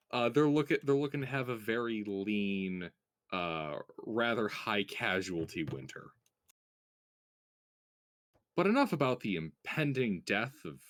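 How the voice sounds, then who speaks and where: Relaxed, low-voiced game master. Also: male voice. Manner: relaxed, with frequent fillers and restarts. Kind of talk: narrating a tabletop game.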